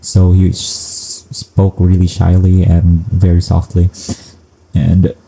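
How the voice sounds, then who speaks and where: A man's voice: sits low, monotone, slow, gravelly, warm tone, a little hiss or hum, poor audio. A young man, casually telling a story to camera in a chatty, rambling way. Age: young adult. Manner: chatty, self-aware rambling, acting out quoted dialogue. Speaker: vlogger.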